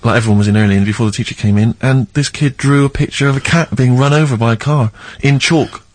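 Man co-host, quick, husky, rambling anecdotes. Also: medium pitch. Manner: rambling, many restarts. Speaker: podcast co-host. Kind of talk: casual chat.

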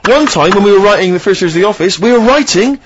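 A man's voice: high-pitched, animated, noisy background. A man co-hosting a comic radio show, exasperated and mocking as he teases a colleague. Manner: exasperated, mocking, quick to mimic others. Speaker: radio co-host. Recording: slightly dull radio studio sound.

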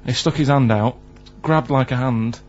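A man's voice: medium pitch, moderate pace, darkish tone, muffled recording. Male radio producer telling an anecdote. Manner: hesitant, then rambling anecdote. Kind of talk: casual radio banter.

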